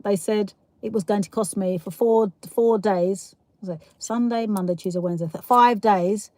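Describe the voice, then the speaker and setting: The dry recording captures a woman's low, darkish voice as she chats casually with livestream viewers and reads their comments. She is from South East London and sounds it, laughing frequently between meandering asides.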